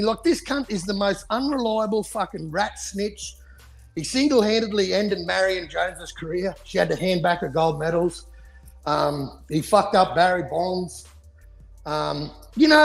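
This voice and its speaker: Gravelly, swearing man ranting. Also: high voice, lively intonation, measured pace, soft background music. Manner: profane, heated ranting. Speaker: podcast co-host. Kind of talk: casual boxing chat.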